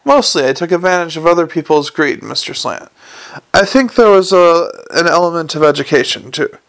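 A man voicing a flippant, quick-witted former con man in an audiobook. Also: fairly high pitch, creaky, a bit bright. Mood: cheeky. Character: cheeky male reformed con man.

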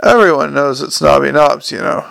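A quick-witted male con man, sarcastic and increasingly flustered, as a male audiobook narrator plays him. The voice is gravelly and slightly high, heard dry and close. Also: lively intonation, fairly bright tone, no echo, heavily acted. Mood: exasperated.

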